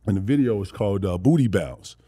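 Animated storytelling man, mellow voice. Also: lowish voice, fast, breathy edge. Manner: animated, profane, acts out quotes. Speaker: guest. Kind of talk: casual storytelling chat.

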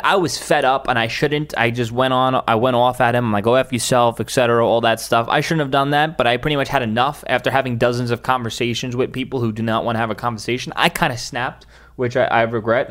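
Man ranting fast and emphatic. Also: medium pitch, fairly bright tone. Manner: fast, emphatic, frequent restarts. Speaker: social media influencer hosting a stream. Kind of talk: heated opinion rant.

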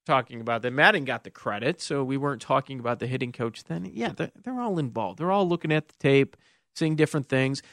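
A man's voice: mid-range voice, lively intonation, fairly quick, fairly bright tone, no echo. A man hosting a sports talk radio show, opinionated and wry, taking callers and reading texts in the studio. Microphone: studio microphone.

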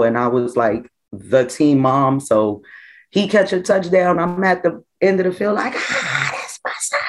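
New mother telling her story. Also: rumbling low. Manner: conversational, full of "like", lively when quoting others. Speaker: interviewee, mother. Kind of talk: personal storytelling in an interview.

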